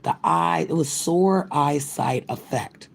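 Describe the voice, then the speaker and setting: Casting: older woman streamer, raspy, gravelly, swears a lot and rambles. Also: sits low, slow pace. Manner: profane, trash-talking, loose and rambling. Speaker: livestream host. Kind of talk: ranting live stream chat.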